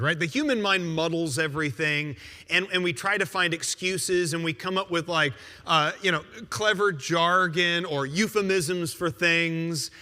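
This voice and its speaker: A male pastor preaching a sermon in a conversational, emphatic way, with quick rebuttals. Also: sits high, bright, forceful tone, long reverb tail.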